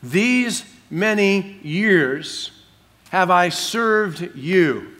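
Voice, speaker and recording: A preacher acting out a resentful grown older brother, whining in a slow, drawn-out, complaining voice. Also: male voice, a little high, animated, close to an everyday voice. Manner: drawn-out, complaining, sulky whine.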